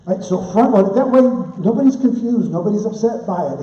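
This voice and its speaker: A man speaking as a pastor, giving a conference teaching talk and telling stories with lively asides. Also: high voice, fairly quick, roomy sound, recorded from a distance, dull audio. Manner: animated storytelling with asides.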